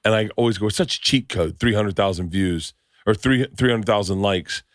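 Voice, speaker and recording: A middle-aged man hosting a podcast, chatting casually with rambling, jokey, excitable stories. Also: on the low side, normal speed, no echo, studio quality. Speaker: podcast host. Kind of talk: casual chat.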